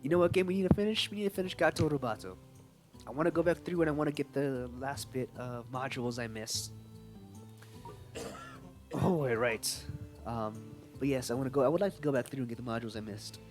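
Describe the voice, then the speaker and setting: A man's voice: mid-range voice, brisk, faint music behind. Rambling young man streaming a game. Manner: rambling, playful, reads game dialogue aloud. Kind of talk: casual live-stream gameplay chat.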